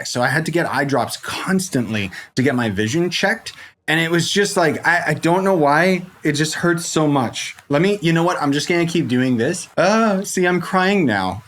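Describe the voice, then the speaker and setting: A man giving casual commentary for a game tutorial, rambling playfully with jokey asides and sudden jumps in pitch, into a desk microphone. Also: a little hiss or hum. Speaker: game guide creator.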